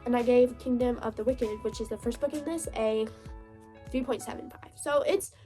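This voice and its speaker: Woman, book vlogger, fairly high voice, chatty and enthusiastic, faint music underneath. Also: normal speed, dark tone. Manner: chatty, enthusiastic, thinks aloud with restarts. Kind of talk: casual book review chat.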